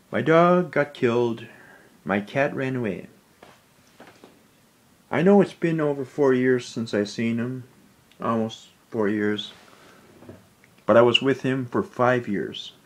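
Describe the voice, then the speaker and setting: A man talking in a personal vlog, emotional and close to tears, rambling in a low, subdued voice. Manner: tearful, rambling, speaks low and subdued with sudden angry outbursts. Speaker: vlogger.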